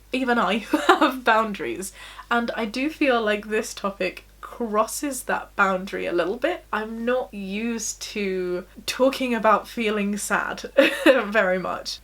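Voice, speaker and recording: A woman's voice: medium pitch, a bit bright. A young woman vlogging in a casual, confessional chat, talking openly and laughing at herself. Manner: chatty, giggly, self-deprecating.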